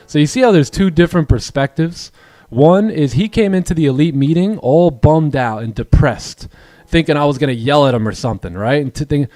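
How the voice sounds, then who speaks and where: A man hosting a live trading stream, encouraging his students and telling animated stories with voiced quotes. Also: a little fast, no echo. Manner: animated storytelling, acts out quoted dialogue in a higher voice; encouraging, motivational. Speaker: day-trading coach and stream host. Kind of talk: casual livestream chat.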